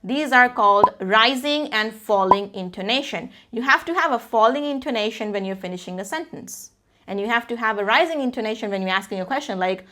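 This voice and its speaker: A woman's voice: fairly high pitch, expressive, brisk, bright, forceful tone. A woman coaching viewers on spoken communication, lecturing emphatically and acting out examples in her own delivery. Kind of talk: direct-to-camera speaking lesson.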